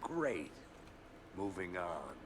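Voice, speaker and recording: A curt, dry federal agent. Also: male voice, sits low, sing-song, extremely slow, background noise, heavily acted. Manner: curt, wry. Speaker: FBI agent.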